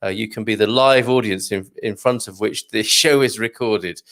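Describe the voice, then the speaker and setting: A man's voice: on the low side, normal speed, fairly bright tone. A middle-aged man hosting a live morning stream, chatting casually through viewer comments and cracking corny dad jokes. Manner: chatty and jokey, tells corny dad jokes, chuckles often. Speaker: live show host reading viewer comments.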